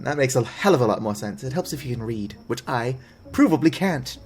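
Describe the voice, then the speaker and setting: A man's voice: mid-range voice, animated, a little fast, breathy edge. A man giving casual let's-play commentary with wry, self-mocking asides as he reads game text aloud. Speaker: gaming video creator.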